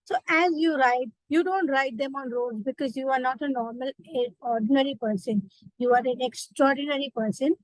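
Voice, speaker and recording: A woman's voice: high-pitched, normal speed, no room sound, low-quality recording. A woman with an Indian accent, a memory trainer, guiding listeners through a vivid imagined story. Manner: vivid storytelling, direct address. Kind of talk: guided visualization lesson.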